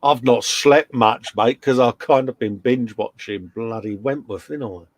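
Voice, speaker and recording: A British man hosting a relaxed live chat from his home workshop, reading out viewer messages with slangy, teasing banter. His voice sits at a middle pitch. The sound is close and completely dry. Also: unhurried, no echo. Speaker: live stream co-host.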